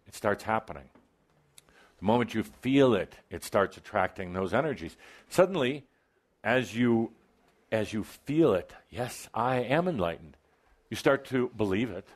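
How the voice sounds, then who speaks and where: A man delivers a spiritual talk to a gathered audience in a mid-range voice. He slips in wry, playful asides and breaks into sudden emphatic bursts. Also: medium pitch. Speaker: channeler speaking to a live audience. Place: event hall with live audience.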